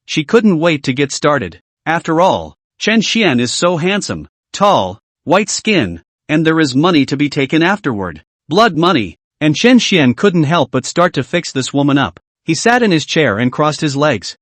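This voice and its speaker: Animated man narrating a story recap. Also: a little high, moderate pace, few pauses, no echo. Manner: reads all dialogue in one lively voice.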